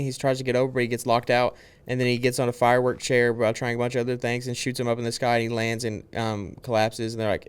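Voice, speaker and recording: Young man, podcast co-host, casual movie chat, rambling plot recap, smooth clear voice. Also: medium pitch, flat delivery, a little fast, few pauses.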